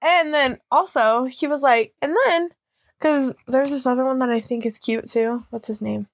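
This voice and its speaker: A woman's voice: sits high, moderate pace, no room sound. A young woman co-hosting a podcast, telling stories in casual chat and leaning on "like" a lot. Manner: chatty storyteller, heavy use of "like". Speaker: podcast co-host.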